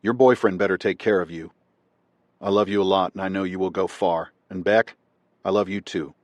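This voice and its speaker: Loving young Marine's letter home, read by a low-voiced male narrator, soft and earnest, dry audiobook sound. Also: steady tone, normal speed, dry recording, close to an everyday voice. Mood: tender. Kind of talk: scripted nonfiction narration.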